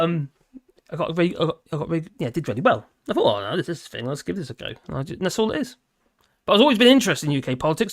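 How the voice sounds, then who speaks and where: A man's voice: a little high, a bit bright, no echo, clean studio sound. An English man casually chatting on his live stream, rambling and laughing as he answers viewers' comments. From England. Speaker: livestream host. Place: home in rural France.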